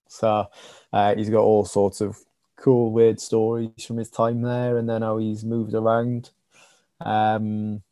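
A man's voice: mid-range voice, dark tone, no echo, clean studio sound. A man from Wales chatting casually as a rugby guest, rambling with lots of fillers and restarts. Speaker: rugby sevens player, podcast guest. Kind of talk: casual chat, storytelling.

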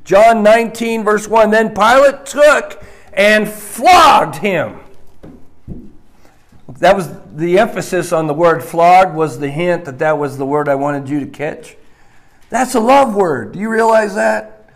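Man, pastor, sermon, slow deliberate delivery, slightly high voice, emphatic hushed-to-loud swings. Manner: emphatic, swings between loud stresses and hushed low lines.

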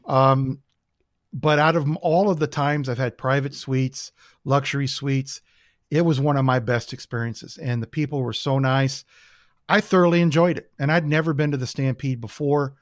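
A man's voice: medium pitch, steady tone, moderate pace, dry recording, studio quality. A man from the United States chatting casually as a podcast guest, telling rambling, enthusiastic stories with lots of fillers.

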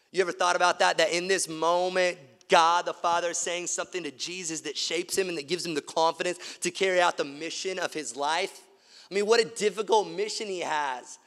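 A man preaching a sermon, swinging between loud emphasis and hushed, quiet passages. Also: high-pitched, big-room sound. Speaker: pastor.

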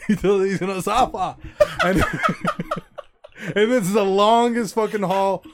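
A man's voice: high voice, huge pitch swings, slow pace, creaky, background noise. A man hosting a comedy podcast, telling a crude rambling story and laughing through his lines. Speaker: podcast host.

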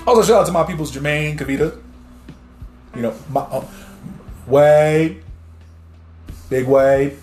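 A man hosting a casual news commentary podcast, swearing freely and getting loud when worked up, who also reads news articles aloud with a few stumbles. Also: fairly high pitch, unhurried, long pauses, echoey room, soft background music. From New Jersey. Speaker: podcast host.

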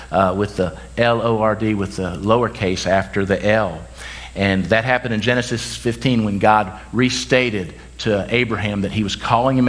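A man preaching a sermon as pastor, conversational with quick asides and self-corrections, and he says he is tired. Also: mid-range voice, a bit bright.

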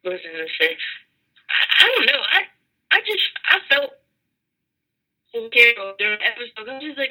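Very bright-voiced woman, hesitant chat. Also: a little high, very animated, a little fast, pauses often, low-quality recording. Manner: hesitant, many ums, profane. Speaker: podcast co-host. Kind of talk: casual TV recap chat.

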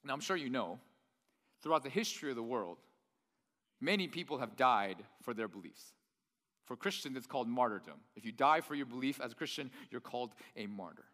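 A man's voice: mid-range voice, fairly bright tone. A man preaching a sermon in a church hall, talking in an enthusiastic, nerdy, conversational way. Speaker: pastor.

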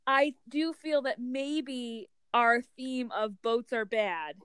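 Smooth-voiced woman hosting a chat. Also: a little high, slow pace, a bit bright, no echo. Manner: chatty, giggly, many fillers. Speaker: podcast host. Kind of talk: casual chat, telling a hymn's history.

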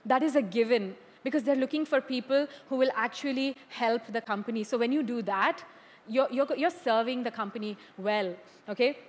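A woman preaching a sermon in a church hall. She is animated, laughs often and keeps checking in with "okay?". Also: on the high side, moderate pace. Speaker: church leader. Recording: long hall reverb.

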